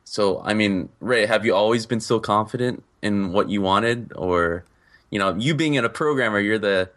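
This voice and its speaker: A man's voice: lowish voice, normal speed, fairly bright tone. A man co-hosting a podcast in casual chat, laughing often and asking rambling questions. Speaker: podcast co-host.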